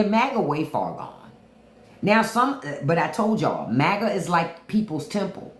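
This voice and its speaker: A woman hosting a livestream, commenting in an animated, profane, rhetorical way. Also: lowish voice. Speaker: podcast host. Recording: roomy echo.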